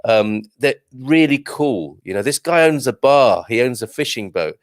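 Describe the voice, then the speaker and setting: Lively jovial male show host. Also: medium pitch, normal speed, no room sound, studio quality. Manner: jovial, reads out viewer comments. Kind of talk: live morning show chat.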